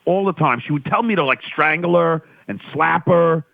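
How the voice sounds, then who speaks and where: A man's voice: fairly high pitch, creaky, no echo. A man from New York, a guest calling in by phone, telling raunchy stories in crude banter. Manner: raunchy, storytelling, quick denials. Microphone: phone line. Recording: tinny phone line.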